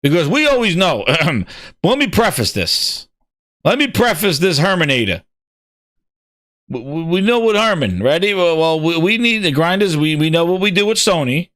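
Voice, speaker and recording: A man hosting a gaming show, ranting with constant swearing and excited repetition. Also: on the high side, moderate pace, no room sound, studio quality. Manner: excitable, swears heavily, repeats himself. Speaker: podcast host. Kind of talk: profane ranting gaming commentary.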